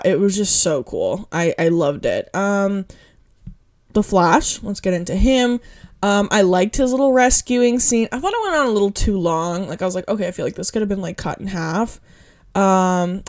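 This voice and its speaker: A woman's voice: mid-range voice, a little mellow. Young woman vlogger, casual, eager, rambling delivery with constant fillers. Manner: rambling, lots of "um" and "like"; enthusiastic, quick to gush. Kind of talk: casual movie review ramble.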